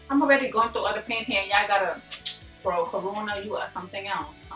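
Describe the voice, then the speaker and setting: A young woman, casually telling a story to camera in an animated, slangy way, laughing and acting out what people said. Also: mid-range voice, brisk. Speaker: vlogger. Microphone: camera mic from a distance. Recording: echoey room, distant mic, faint music.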